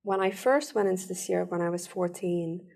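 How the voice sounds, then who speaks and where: A woman giving an earnest personal account in an interview, telling it in rushed bursts. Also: lowish voice, vocal fry, darkish tone. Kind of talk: personal testimony.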